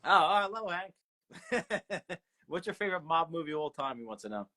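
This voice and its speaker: A man's voice: on the high side, sing-song, pushed and bright. A man, hosting a casual interview and reading out viewer questions in an agreeable, chatty way. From South Philadelphia. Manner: chatty, agreeable, quick to chime in. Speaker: host.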